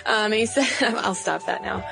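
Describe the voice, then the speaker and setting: A woman co-hosting a podcast in casual chat, animated and jokey, with quick asides. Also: mid-range voice, creaky, music in the background. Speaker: podcast co-host.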